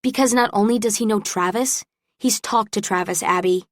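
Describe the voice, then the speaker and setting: A woman's voice: medium pitch, moderate pace, no room sound, lightly acted. Woman reading nosy bubbly college girl, pushy, teasing, very dry close sound. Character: bubbly meddling young woman, college student.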